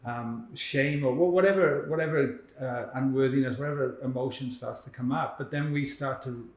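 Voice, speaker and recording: A man hosting a podcast, reflecting thoughtfully in conversation and pausing to search for words. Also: medium pitch. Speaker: podcast host. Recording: roomy echo.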